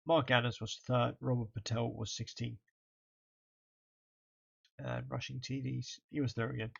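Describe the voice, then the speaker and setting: A man's voice: medium pitch, little pitch movement, a little slow, vocal fry, slightly rough, highs cut off. A tired man, casually commenting on a college football game stream as he reads through the stats. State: tired, yawning. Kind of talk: casual let's-play commentary.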